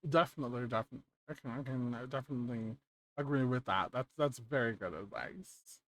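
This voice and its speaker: A host interviewing a guest on a live stream, upbeat and quick to affirm. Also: male voice, mid-range voice, a bit bright, no room sound. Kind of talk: casual interview chat.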